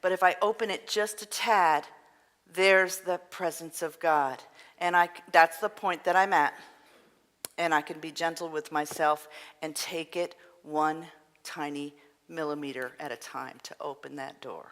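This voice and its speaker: A woman minister giving an earnest, gentle sermon, sometimes dropping to a soft, breathy near-whisper. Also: deep voice, fairly even intonation, measured pace. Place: church sanctuary. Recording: long reverb of a hall.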